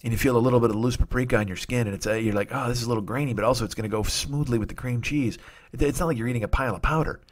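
A man's voice: medium pitch, racing. A man in his forties hosting a comedy podcast, delivering a rambling, profane, nostalgic comic monologue. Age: 40s.

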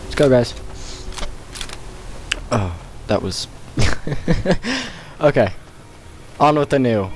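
A man's voice: medium pitch, sing-song, very slow, pauses often, a little hiss or hum. A young man giving casual let's-play commentary at his computer, breaking into panicky yelps and shrieks and laughing often. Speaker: gamer.

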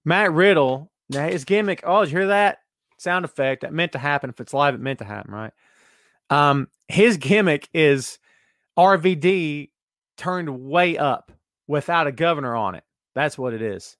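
Hosting a casual podcast, this man has a fairly high voice and a moderate pace as he reads listener comments and fires back sarcastic remarks. His delivery is lively, jumping between loud asides and quiet muttering. The studio sound is clean, with no echo.

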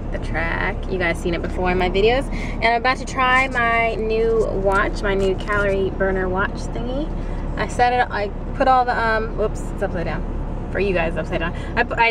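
A woman's voice: mid-range voice, noisy background. A young woman vlogging casually, chatting and playing with her toddler in a sing-song way. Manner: chatty, playful baby talk with her toddler. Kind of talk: casual family vlog.

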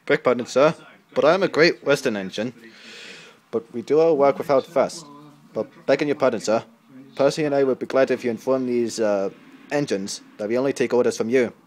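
Man doing a polite steam engine, calm, courteous, steady, storybook reading. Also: mid-range voice, a little fast, close to an everyday voice.

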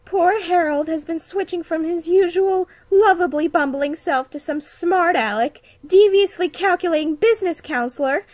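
A woman's voice: very high voice, normal speed, hardly any pauses, darkish tone, no echo, voice pushed up. A scatterbrained cartoon mother, as a woman puts her on in a raised, breathless voice. She chatters along in a flighty, anxious rush. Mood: flustered. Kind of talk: cartoon voice acting demo.

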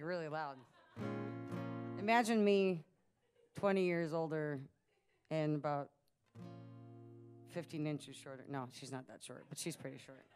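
A woman in her late twenties chatting casually from the stage of a small music venue, telling a rambling story with plenty of laughs. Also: deep voice. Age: late 20s. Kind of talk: casual stage banter at a live show.

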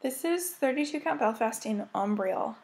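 A woman's voice: high voice, expressive, moderate pace, darkish tone. An American woman chatting casually as she shows her cross-stitch projects, rambling and gushing over them. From United States. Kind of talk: casual show-and-tell chat.

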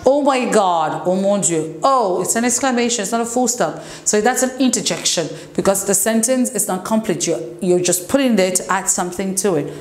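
A woman English teacher giving a relaxed, conversational classroom lesson, mixing in French explanations. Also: medium pitch, brisk, hardly any pauses. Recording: echoey room, faint noise.

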